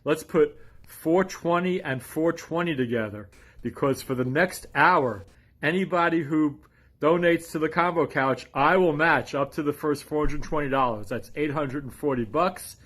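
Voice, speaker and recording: A man giving a breezy, jokey recorded shout-out message. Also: a little high, normal speed. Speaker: donor giving a video message.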